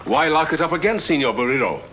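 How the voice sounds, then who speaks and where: An actor playing a calm, formal older European nobleman acting as referee in a 1950s radio drama. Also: a little high, quick pace, noisy background, close to an everyday voice. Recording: dull distant old radio recording.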